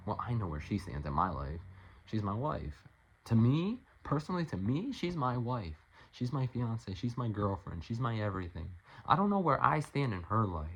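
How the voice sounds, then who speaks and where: Low-voiced guy venting to his vlog, emotional and rambly, keeps restarting, faint hiss behind. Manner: rambling, restarts sentences, swears when frustrated. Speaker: vlogger. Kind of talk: emotional personal venting monologue.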